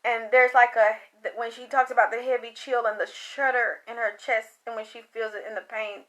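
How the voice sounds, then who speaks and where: Woman, high and bright, psychic channeling a spirit, emotional and rambling, drops curses. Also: level tone, moderate pace, hardly any pauses. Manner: emotional, rambling, swears casually. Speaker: psychic medium. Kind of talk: channeling spirit messages, monologue.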